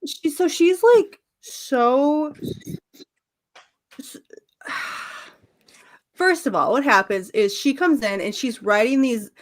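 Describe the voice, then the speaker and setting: Animated swearing woman recapping a story. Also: high-pitched, takes it slowly, long pauses. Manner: animated storyteller, acts out characters, swears, laughs often. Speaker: podcast co-host recapping a comic. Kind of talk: casual chat.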